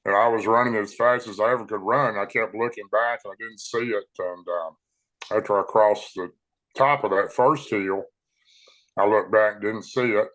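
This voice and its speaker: A man recounting his own encounter in a plain, unhurried, folksy way. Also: fairly low pitch, fairly even intonation, fairly bright tone, low-quality recording. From Tennessee, USA. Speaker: eyewitness storyteller. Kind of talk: personal account told aloud.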